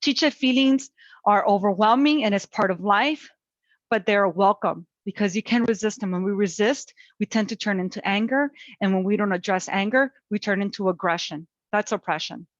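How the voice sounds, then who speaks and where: A middle-aged woman teaching a parenting webinar, gentle and coaching in tone, talking through calm self-talk. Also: medium pitch, moderate pace, no echo, highs cut off. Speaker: parent educator.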